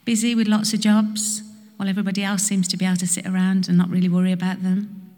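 A woman's voice: mid-range voice, little pitch movement, fast, a little mellow. A woman preaching a sermon to a congregation, often asking the listeners questions. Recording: reverberant hall.

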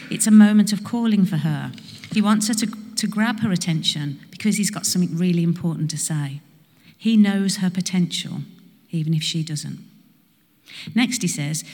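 A woman's voice: fairly low pitch, normal speed, darkish tone. A woman preaching a sermon to a congregation, often asking the listeners questions. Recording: reverberant hall.

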